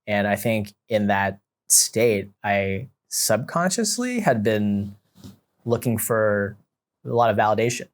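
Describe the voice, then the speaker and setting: Man, fairly low voice, podcast co-host, candid and searching, casual reflective talk. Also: expressive, takes it slowly. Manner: searching, open and confessional.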